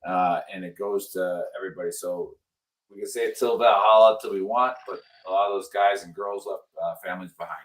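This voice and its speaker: A middle-aged man hosts a casual veterans' show, speaking briskly in a low, steady voice. He sounds earnest and pleading, repeating himself for emphasis.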